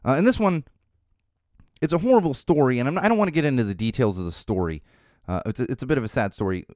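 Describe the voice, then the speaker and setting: Wry, animated man rambling casually. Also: mid-range voice, quick pace, dry recording, clean studio sound. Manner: rambling, wry, repeats words while restarting. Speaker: podcast host. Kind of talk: casual solo commentary.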